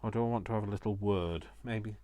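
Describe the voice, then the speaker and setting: A man's voice: lowish voice, steady tone, fast talker, dark tone. A man chatting to viewers while crafting, joking at his own expense. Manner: self-mocking, jokey asides to viewers. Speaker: craft vlogger.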